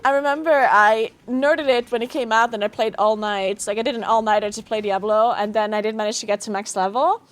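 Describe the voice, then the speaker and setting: A woman's voice: fairly high pitch, steady tone, fairly quick, hardly any pauses. A woman in her thirties streaming a game, chatting casually, laughing often and swearing freely. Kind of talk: casual live-stream chat.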